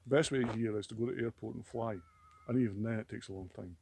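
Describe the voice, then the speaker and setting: A Scottish man talks straight to camera in a loose, rambling vlog. His voice is gravelly and mellow, and a faint hiss sits under it. He sounds aggrieved and stumbles over repeated words. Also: fairly low pitch, fairly even intonation, fast talker. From Scotland. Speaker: vlogger.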